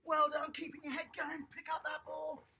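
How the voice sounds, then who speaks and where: A toddler tennis coach leading a lively online lesson for small children, upbeat and encouraging, praising each child by name. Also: high-pitched, moderate pace, vocal fry, slight background noise.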